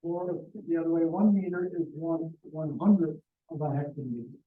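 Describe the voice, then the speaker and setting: A man's voice: fairly high pitch, steady tone, normal speed, echoey room, distant mic, phone-quality sound, a little hiss or hum. A man teaching a math lesson to a class, joking and talking to the students directly. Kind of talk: classroom lecture.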